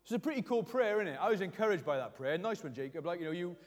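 A middle-aged man delivers a sermon in a strikingly high voice. He acts out heartfelt prayers with real feeling. His words ring out through a hall with a long echo. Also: fast. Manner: emotional, voicing prayers aloud with rising intensity. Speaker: pastor.

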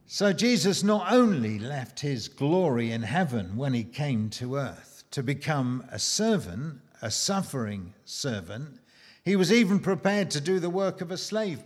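A man preaching a sermon, slow and emphatic, with dramatic pauses and rhetorical questions. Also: a little high.

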